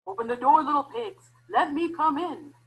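A woman voicing a big bad male wolf in a storybook reading, with loud, blustering threats. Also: high-pitched, animated, normal speed, poor audio. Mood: roaring threats.

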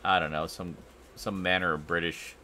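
A man's voice: sits low, flat delivery, moderate pace, sharp tone, slight background noise. A man hosting a live stream, chatting casually with friends, laid-back and self-deprecating, often laughing. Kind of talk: casual group chat.

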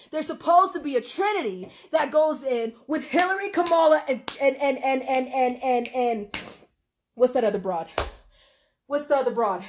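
Young woman, high voice, impassioned and profane livestream rant. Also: moderate pace. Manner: emotional, profane, swings between shouting and laughing. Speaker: livestream host.

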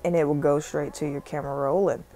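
A young woman with a Southern accent and a notably deep voice talks through a phone tutorial. Her delivery is loose, rambling and full of cursing, recorded on a phone mic with faint music underneath. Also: steady tone, fast, dark tone. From South Carolina. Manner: rambling, profane, chatty. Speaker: tutorial vlogger and music artist. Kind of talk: casual screen-recording voiceover. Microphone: phone microphone.

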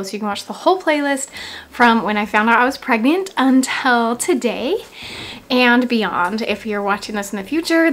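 Young woman, casual home vlogger, breathless and chatty, pitch a touch high. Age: young adult. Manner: chatty, apologetic, laughs often. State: short of breath. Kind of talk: casual pregnancy update vlog.

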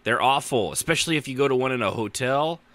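A man's voice: medium pitch, lively intonation, quick pace, a bit bright, no echo. A tired man hosting a casual podcast chat, rambling and joking in mock outrage. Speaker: podcast host.

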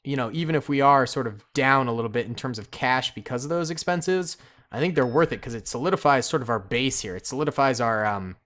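A man's voice: mid-range voice, fast talker. Man thinking aloud over a strategy game. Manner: excitable, reacts aloud to the action, casual slang; thinks aloud with fillers while planning. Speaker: gaming channel host. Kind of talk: casual gameplay commentary.

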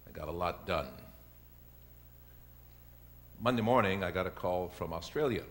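A man, a pastor, delivering a sermon and building to loud, emphatic preaching. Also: sits low, lively intonation, quick pace.

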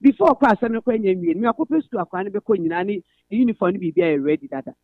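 A woman's voice: mid-range voice, animated, racing, dry recording. A woman with a Ghanaian accent calls in to a radio show and earnestly recounts her family troubles at length, mixing in English phrases. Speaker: radio caller. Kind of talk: phone-in personal story, code-switching. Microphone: telephone. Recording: tinny phone line, dry.

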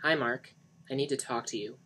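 A cold, scornful young woman speaking with quiet disdain. Her tone is bright and clipped, as a man reads her in a novel reading. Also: mid-range voice, normal speed, husky. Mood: scheming.

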